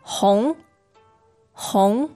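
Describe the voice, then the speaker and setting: A woman's voice: mid-range voice, extremely slow, dark tone, no echo, soft background music. A woman co-hosting a language lesson, patiently modeling words with careful repetition. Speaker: Mandarin lesson co-host. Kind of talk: slow model pronunciation.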